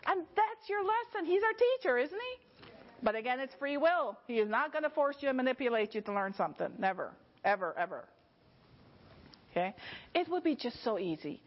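Brief: woman Bible teacher, slightly high voice, talky sermon style, dull lo-fi recording. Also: very animated, a little fast. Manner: conversational, often checks in with the listeners.

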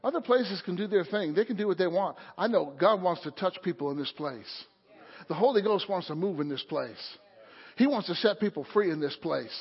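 A man with a very high, husky voice preaches with fervor, often calling out for an amen. His sermon rings with the long echo of a church hall. The audio sounds dull and lo-fi. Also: lively intonation, fairly quick. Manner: fervent preaching, calls for amen. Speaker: pastor. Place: church sanctuary.

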